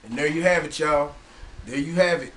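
A man's voice: on the high side, normal speed, over loud music. A man from Texas, a rapper and filmmaker, closing a film with a motivational talk to viewers, slangy and earnest, repeating phrases for emphasis. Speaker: rapper and filmmaker giving an outro.

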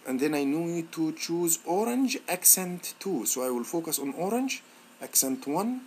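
A male instructor walking students through a software lab on screen, halting and encouraging, with many fillers and restarts. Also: a little high, vocal fry, a little hiss or hum. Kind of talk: screen-recorded software tutorial.

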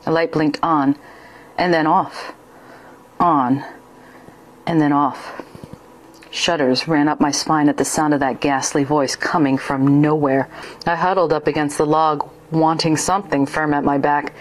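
Woman telling a ghost story, deep-ish voice, steady read. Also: measured pace. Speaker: narrator. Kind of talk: scripted ghost story narration.

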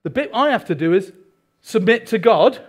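Male preacher, high voice, animated sermon delivery with congregation asides. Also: moderate pace, husky. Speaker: pastor.

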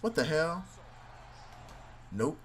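A man commentating his own wrestling game run, swinging between yelling, cursing at opponents and mock ring-announcer boasts. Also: a little high, sing-song, very slow, soft background music. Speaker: gaming video host. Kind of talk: live gameplay commentary.

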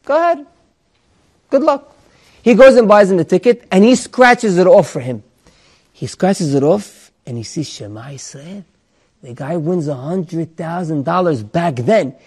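Male Torah teacher, high voice, animated storyteller who mixes in Hebrew words. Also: a little slow, breathy edge. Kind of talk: sermon with an acted story.

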